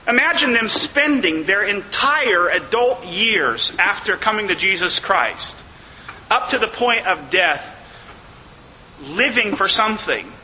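A man preaching a sermon as pastor, emphatic, slowing down to stress key phrases. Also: sits high, bright, forceful tone, long reverb tail, a little hiss or hum, rough recording.

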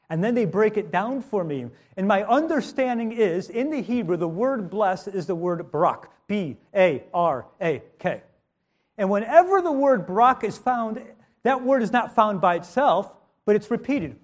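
A man preaching a sermon with strong emphasis, rising and dropping his voice, with modest asides. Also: sits high.

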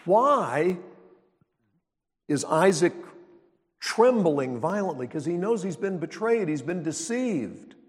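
Slow-speaking pastor in a reverberant hall. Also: male voice, high-pitched, very animated. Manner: conversational teaching with rhetorical questions to the congregation. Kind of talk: sermon. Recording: long reverb of a large hall.

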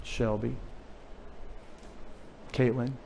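A middle-aged man preaches a sermon with a playful, teasing manner, coaxing the children to answer and repeat after him. His voice sits at an ordinary middle pitch for a man. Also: little pitch movement, very slow, vocal fry, warm tone, slight background noise. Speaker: pastor.

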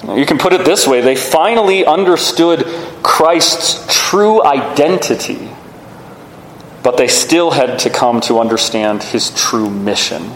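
A man preaching a sermon in an animated way, often asking his listeners rhetorical questions. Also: mid-range voice, measured pace, slight background noise. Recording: echoey hall with faint ambience.

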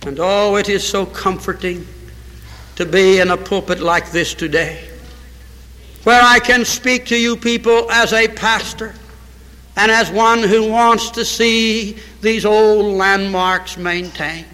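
Fervent preacher in an echoing church. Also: male voice, sits high, fairly even intonation, slow pace, bright, forceful tone. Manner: fervent storytelling preacher, acts out dialogue. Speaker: pastor. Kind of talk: sermon. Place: church sanctuary. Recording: long church hall reverb.

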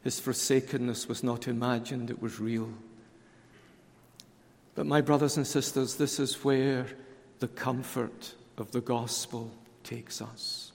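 Slow, solemn male preacher in a hall. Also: mid-range voice, fairly even intonation, vocal fry. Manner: slow, emphatic, dropping to hushed tones on key words. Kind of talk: sermon at a conference.

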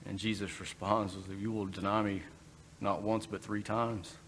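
A man's voice: lowish voice, flat delivery, moderate pace, fairly bright tone. Man preaching in a reverberant hall. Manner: conversational, with restarts and acted quotes. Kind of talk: sermon. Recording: long reverb in a hall, faint background noise.

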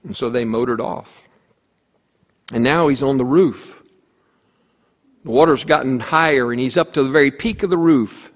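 Pastor preaching in a reverberant hall. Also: male voice, medium pitch, moderate pace, pauses often. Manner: storytelling with voiced characters, emphatic repetition. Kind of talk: sermon. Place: church sanctuary. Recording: long reverb of a church hall.

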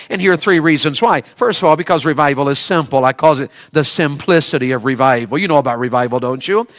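Evangelist, male, bright tense tone, folksy sermon storyteller who gets fired up. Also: on the high side, quick pace, few pauses. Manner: folksy storytelling with rising bursts of excitement. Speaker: evangelist preacher.

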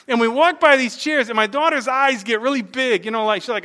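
A middle-aged man preaching a sermon as a pastor, telling stories, dropping to a hush and then rising loud and animated. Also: very high-pitched, moderate pace. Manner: storytelling, swings from hushed to loud and animated.

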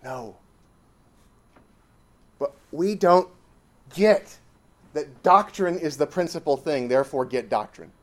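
An emphatic man preaching a sermon with a fairly high voice. He repeats lines for weight and builds to loud exclamations. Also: lively intonation, a little slow.

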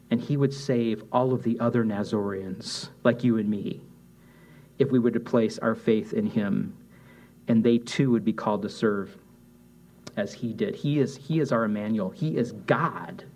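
A man's voice: lowish voice, a little mellow. A man preaching as pastor, in a conversational sermon style, acting out quotes with restarts and asides.

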